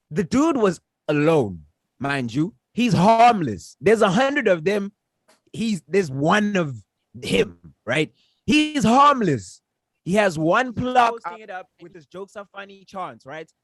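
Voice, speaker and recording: A man's voice: high-pitched, dry recording, studio quality. A man co-hosting a casual podcast, telling a story in a heated, emphatic, profane way. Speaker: podcast co-host. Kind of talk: casual chat.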